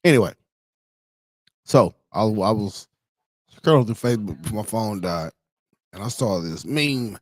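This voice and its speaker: Slow-talking, low-voiced man host. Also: animated, dry recording. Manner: profane, laughing, amused. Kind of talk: casual commentary reading memes.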